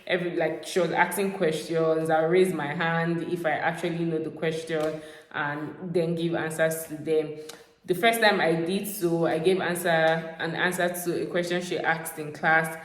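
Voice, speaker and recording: A young woman from Nigeria tells a story to her vlog audience in a loose, chatty way, with lots of fillers. Her voice sits fairly low. The room around her is echoey. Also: moderate pace. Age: young adult. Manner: chatty, animated, repeats fillers like "like" and "guys". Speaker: vlogger.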